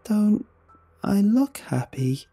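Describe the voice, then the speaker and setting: A man's voice: high voice, sing-song, takes it slowly, creaky, mellow, husky, faint music behind, pitched above the performer's own voice, full character voice. A man voicing a creepy little girl's voice worn by an inhuman thing, sing-song and drawn out. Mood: sinister. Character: creepy little girl voice of a skin-wearing thing.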